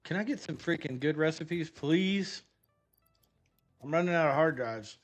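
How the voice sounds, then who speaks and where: A man's voice: fairly high pitch, measured pace, soft background music. A man giving casual gameplay commentary, rambling and swearing freely as he talks himself through what to build next. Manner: rambling, profane, talks to himself while playing. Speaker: gaming streamer.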